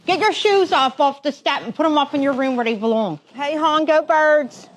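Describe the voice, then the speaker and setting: Woman putting on a brash middle-aged mom, Philadelphia accent, high voice, bossy and griping, outdoor clip with traffic noise. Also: moderate pace, lightly acted, low-quality recording. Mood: scolding.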